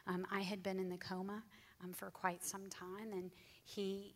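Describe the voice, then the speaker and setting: A woman's voice: mid-range voice, level tone, measured pace, a little hiss or hum. A woman tells her faith testimony to an audience in an earnest, heartfelt way. Her voice sits in a middle register and now and then sinks to a near whisper. The sound carries the long reverb of a large hall. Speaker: guest speaker sharing her testimony.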